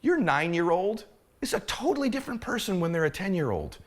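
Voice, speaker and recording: Impassioned higher-voiced man, motivational speech. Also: sing-song, brisk. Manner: impassioned, rising and dropping to a hushed intimate tone. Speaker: motivational speaker.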